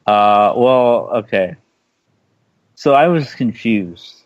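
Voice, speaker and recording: A low-pitched man co-hosts a radio talk show in a laid-back, stop-and-start manner, filling gaps with "uh." The sound is dull and lo-fi and very dry. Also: no echo. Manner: relaxed, halting, many "uh" fillers. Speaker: co-host. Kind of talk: casual radio show chat.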